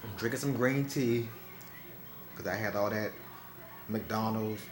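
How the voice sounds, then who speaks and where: A man's voice: on the low side, measured pace, roomy sound, music in the background. A chatty young man, talking casually to camera at home. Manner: chatty, talks straight to viewers. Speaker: vlogger. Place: indoors at home.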